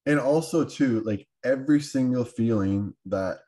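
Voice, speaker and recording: A man's voice: medium pitch, unhurried, mellow. A Canadian man hosting a podcast, chatting casually and hesitantly with lots of fillers and restarts. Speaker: podcast host. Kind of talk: casual conversation.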